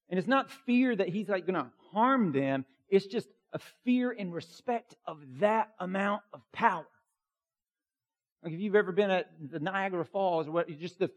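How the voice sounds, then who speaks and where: A man preaching a sermon as a pastor, emphatic and conversational, with many fillers. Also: high-pitched.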